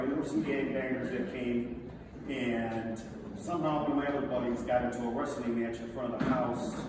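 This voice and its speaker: A middle-aged man tells stories about a friend to a gathered crowd, his delivery animated and quick to break into laughter. He sounds like he's some way from the mic, and his voice rings through a large, reverberant hall. A steady background noise sits under the speech. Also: mid-range voice, distant mic.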